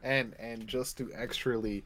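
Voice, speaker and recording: A man's voice: mid-range voice, fairly even intonation, measured pace, a bit bright, a little hiss or hum. A man co-hosting a casual comic book podcast, playful, laughing often and swearing freely. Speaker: podcast co-host.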